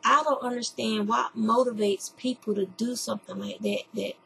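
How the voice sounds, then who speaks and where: A woman podcast host telling a candid personal story in a chatty, animated way. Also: on the high side, normal speed, vocal fry, slight background noise, poor audio. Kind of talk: casual storytelling monologue.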